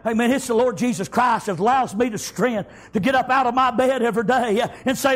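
A man preaching a fervent testimony sermon, full of amens, folksy telling and bursts of shouting. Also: very high-pitched, fairly quick, hardly any pauses. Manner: fervent, repeats "amen" and "praise God", swells into shouting.

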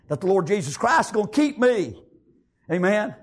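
A man preaching a sermon, rising to shouts and dropping to quiet, punctuating with "amen". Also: sing-song, fairly quick. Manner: swings from shouted high peaks to low quiet passages, frequent "amen".

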